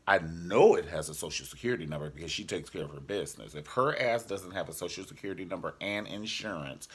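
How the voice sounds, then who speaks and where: A man's voice: deep voice, fairly bright tone, breathy edge. A man casually reviewing a TV drama episode in a sassy, joking vlog style. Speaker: TV show reviewer.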